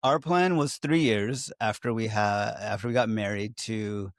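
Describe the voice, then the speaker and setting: A man's voice: lowish voice, a little slow, dry recording. Young man, podcast co-host, loose storytelling delivery, dry close mic. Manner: storytelling, chatty with filler words. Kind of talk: casual chat.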